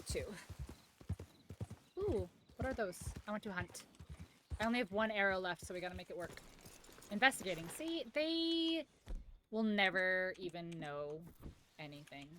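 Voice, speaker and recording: A young woman streams a game, joking, swearing and laughing often as she gives live gameplay commentary. Her voice is medium-pitched with a sharp tone, and a little hiss or hum can be heard.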